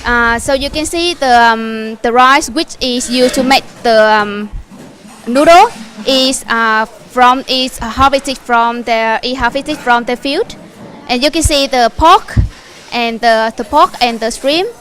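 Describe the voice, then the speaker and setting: A woman, a local food tour guide explaining a dish on camera, halting and full of fillers and restarts. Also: on the high side, fairly bright tone, a little hiss or hum.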